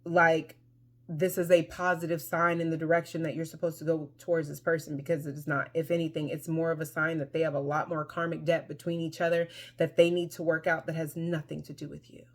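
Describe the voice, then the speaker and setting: A woman with a somewhat low voice reads tarot cards for her viewers in a casual, chatty way. She talks with emphasis, often breaking off and restarting her sentences. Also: level tone, fairly quick. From Mexico. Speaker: tarot reader. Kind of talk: casual tarot reading to camera.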